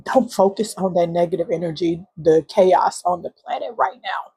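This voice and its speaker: Gravelly, husky woman sharing a spiritual story. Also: lowish voice. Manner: halting, heartfelt storytelling with fillers and soft whispered moments. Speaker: spiritual channel host. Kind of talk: emotional spiritual testimony vlog. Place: bedroom.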